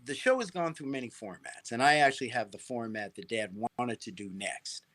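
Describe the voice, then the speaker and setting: A middle-aged man, a guest on an interview show, telling stories in a lively way, restarting phrases and checking in with "right?". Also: medium pitch, a little fast. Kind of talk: casual interview storytelling.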